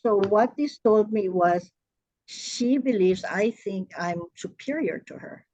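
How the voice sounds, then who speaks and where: A woman earnestly recounting a painful personal story in a workshop, hesitant and halting, with frequent restarts. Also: medium pitch, warm tone, no room sound, muffled recording. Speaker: workshop participant.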